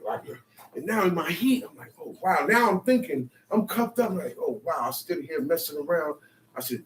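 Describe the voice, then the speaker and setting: A man leading a bible study, emphatic and animated, acting out quotes and sometimes shouting. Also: sits high. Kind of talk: animated spoken teaching. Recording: echoey room, mic far off, faint noise.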